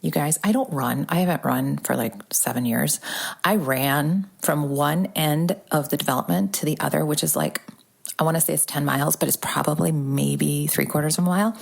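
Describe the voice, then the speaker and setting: Low, gravelly Midwestern woman in her forties, upbeat solo podcast host. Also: normal speed. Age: 40s. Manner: bubbly, chatty, drops into breathy asides. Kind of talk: casual solo podcast chat.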